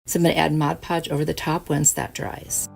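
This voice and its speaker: Chatty diy lady narrating her crafts, low gravelly voice, easy step by step. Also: little pitch movement, brisk. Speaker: craft channel host. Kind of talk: casual DIY tutorial voice-over. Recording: soft music behind.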